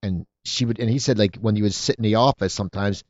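A man hosts an interview, racing through rambling stories and eager questions. His voice sits on the lower side, recorded dry and close. The sound is slightly dull and muffled. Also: quick pace, darkish tone, dry recording. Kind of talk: casual interview chat.

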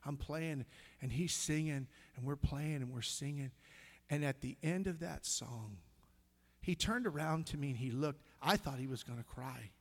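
A middle-aged male pastor telling a story in a sermon, emotional and halting, with sighs and passages that drop almost to a whisper. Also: mid-range voice. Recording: long hall reverb.

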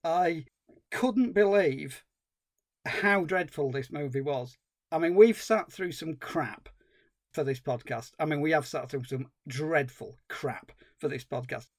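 A man's voice: fairly high pitch, measured pace, dry recording. A man co-hosting a film podcast, ranting in exasperated, sweary casual chat. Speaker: podcast co-host.

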